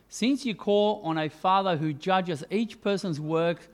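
A man preaching a sermon, telling a story with many pauses and fillers. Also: high voice.

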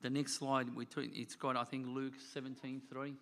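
A man's voice: mid-range voice, level tone, moderate pace, fairly bright tone. A man preaching a sermon to his church. He talks earnestly, repeats phrases and asks the congregation rhetorical questions. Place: church hall. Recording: long hall reverb.

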